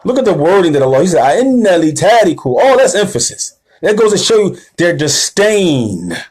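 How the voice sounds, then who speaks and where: Speaking at a moderate pace in a high, sing-song voice with a breathy edge, a man gives an emphatic, slang-filled religious lecture in the manner of a sermon. He keeps checking in with his audience and builds to a louder, rising, rousing call to action.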